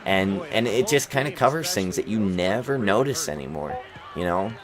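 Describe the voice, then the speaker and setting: A man's voice: on the low side, lively intonation, moderate pace. A young man hosting a gaming video, chatting casually and rambling with lots of fillers and restarts. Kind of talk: casual chat over gameplay. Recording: crowd noise from the game behind. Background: basketball game crowd.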